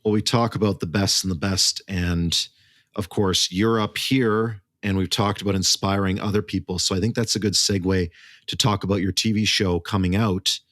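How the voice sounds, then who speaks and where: Man, interview host, low voice, measured questions, dry close sound. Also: steady tone, fairly bright tone, dry recording. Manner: measured, builds long questions.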